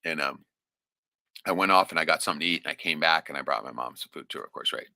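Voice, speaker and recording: A man's voice: rumbling low, fast, creaky, pushed and bright, no room sound. A man telling a personal story in a rambling, profane, casual way, often checking in with "right?".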